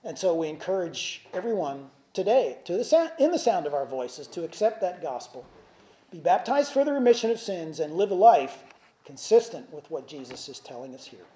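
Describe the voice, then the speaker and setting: A man's voice: fairly high pitch, very animated, moderate pace, warm tone. Conversational preacher man in echoey hall. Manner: conversational preaching with asides and restarts. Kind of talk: sermon. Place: church sanctuary.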